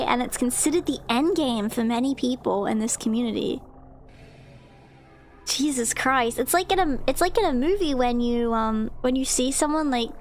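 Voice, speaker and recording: A woman with a high, bright voice hosts a casual live stream. She reads a passage aloud in a loose, chatty way, full of "um"s and "like"s. She keeps breaking into giggles and squeaky cries of disbelief. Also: a little hiss or hum. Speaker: VTuber streamer.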